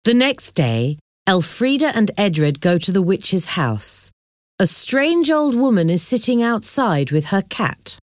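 A woman reading a children's chapter story aloud, clear and deliberate. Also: medium pitch, very animated, no echo, clean studio sound. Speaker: narrator.

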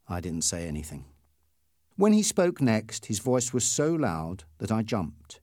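A man's voice: unhurried, no room sound, clean studio sound. A man narrating a story aloud in the first person. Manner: lively storytelling with wide pitch swings. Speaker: audiobook narrator.

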